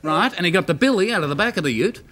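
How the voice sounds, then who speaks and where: A man's voice: high voice, animated, racing, fairly bright tone. An Australian comedian telling a rambling joke on a live TV show, chuckling as he goes. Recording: studio audience behind.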